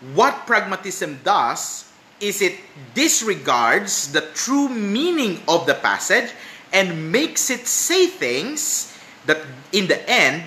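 A man's voice: high voice, bright, forceful tone. A man preaching a sermon, emphatic and rhetorical, asking his listeners pointed questions. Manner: emphatic, rhetorical questions, slips into Filipino phrases. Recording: echoey room, faint noise.

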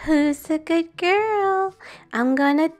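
A woman's voice: extremely high pitch, takes it slowly. A woman voicing a playful, squeamish little girl doll who giggles and squeals.

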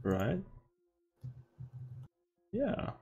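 A man's voice: on the high side, huge pitch swings, extremely slow, creaky, dark tone, breathy edge, soft background music. A man, a game developer, chatting casually on a stream while explaining what he is testing, laughing often.

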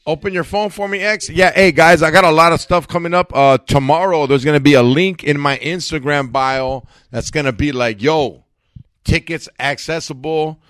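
A man's voice: a little high, moderate pace, fairly bright tone, clean tone, no room sound. A man hosting a comedy podcast, bantering loosely with friends in slang, calling them homie and dog. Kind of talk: casual joking chat with friends.

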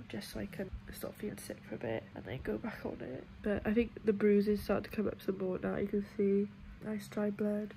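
A woman's voice: medium pitch, gravelly, warm tone. A young woman vlogging chattily from a hospital room while recovering from nose surgery, filmed on a phone. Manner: chatty, emotional, laughs often. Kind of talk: casual vlog to camera. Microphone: phone camera. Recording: noisy phone recording.

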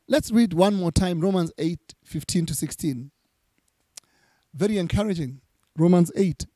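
In a dry, close-miked recording with no room sound, a pastor preaches, reading scripture passages and repeating important lines for emphasis. He has a high-pitched but mellow voice.

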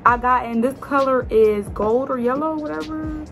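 A young woman, chatting to camera as a beauty vlogger, expressive and exclamatory, full of slang. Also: high voice, moderate pace, faint music behind. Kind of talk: casual chat to camera.

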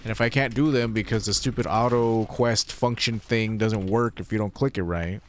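A man's voice: fairly low pitch, fairly even intonation, normal speed, a little hiss or hum. A man giving casual gameplay commentary, grumbling and swearing freely in frustration. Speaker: gaming streamer.

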